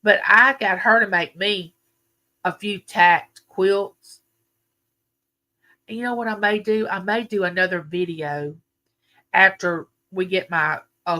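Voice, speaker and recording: Bright-voiced older woman chatting. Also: on the low side. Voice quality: chatty, folksy, reminiscing. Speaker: livestream host. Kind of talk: casual live chat with viewers.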